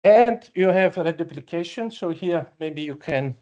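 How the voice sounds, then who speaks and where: A man giving an academic conference talk, speaking as a with frequent fillers and pauses. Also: a little high, lively intonation, dark tone, highs cut off. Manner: slow, halting, with many fillers. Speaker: conference presenter.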